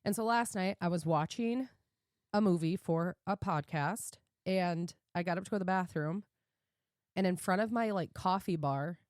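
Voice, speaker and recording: A woman in her thirties co-hosting a podcast, telling a story in casual chat, animated and laughing often as she acts out what she said. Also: fairly low pitch, normal speed, no echo, clean studio sound. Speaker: podcast co-host.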